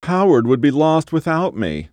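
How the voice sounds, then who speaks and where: A whiny, fretful older wife who nags without letup, as a male narrator puts her on. The voice sits high and thin, much higher than the narrator's own low voice. It is close and dry, read as a storybook character. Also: very animated, normal speed, a little mellow, no echo. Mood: whiny nagging. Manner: nagging, fretful pleading. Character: whiny, nagging older woman, fussing wife. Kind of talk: audiobook character voice.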